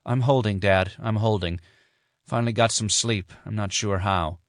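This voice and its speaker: A man voicing a young widowed mother who is grieving but composed, speaking softly and with restraint. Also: fairly low pitch, moderate pace, no room sound, studio quality, lightly acted. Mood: weary.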